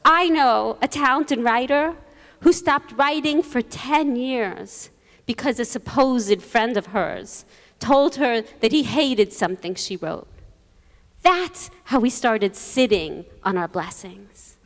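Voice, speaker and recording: A woman rabbi giving a holiday sermon, telling stories with quoted voices and gentle humor. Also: on the high side, lively intonation, slow pace. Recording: long reverb in a large hall.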